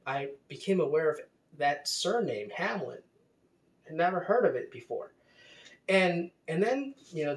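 Halting man in an echoey room. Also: on the high side, distant mic. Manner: halting, many fillers and restarts. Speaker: podcast host. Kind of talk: reading news aloud and commenting. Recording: echoey room, away from mic.

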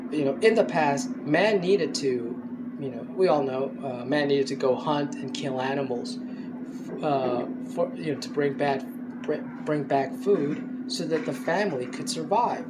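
A man giving an unscripted talk, halting often with fillers and restarts. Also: on the high side, very noisy. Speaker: speaker giving a talk on gender. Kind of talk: unscripted lecture.

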